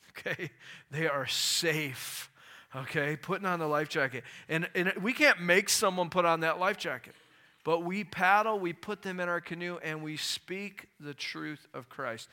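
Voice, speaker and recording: A male pastor giving a sermon in an animated way, asking the audience questions and acting out stories. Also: mid-range voice.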